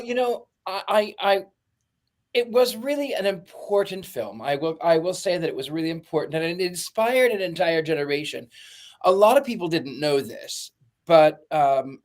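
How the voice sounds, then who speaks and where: A man on a panel chat, joking deadpan and stumbling over the starts of his sentences. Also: a little high. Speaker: panel guest.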